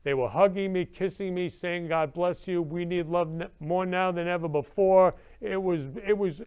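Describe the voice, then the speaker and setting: A man's voice: high voice, fairly even intonation, moderate pace, darkish tone, clear, resonant tone. A man hosting his own talk show, speaking in an effusive, emotional way and repeating words of love. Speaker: show host. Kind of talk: emotional casual monologue.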